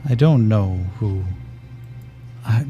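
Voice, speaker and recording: A man voicing a defensive young male trooper who talks fast and sounds resentful. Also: fairly low pitch, warm tone, lo-fi sound, soft background music. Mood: nervous.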